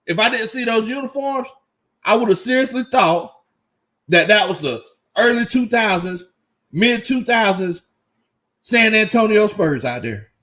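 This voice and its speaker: A man hosting a casual live fan reaction stream, excited, laughing often and reading out chat comments. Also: high-pitched, a little slow, long pauses. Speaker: sports fan livestream host.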